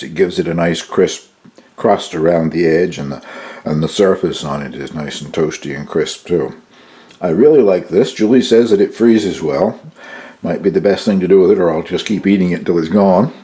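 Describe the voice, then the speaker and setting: In a casual home cooking demo, an older man with a low, mellow voice talks through baking a loaf. Relaxed and chatty, he samples it and remarks on things as he goes.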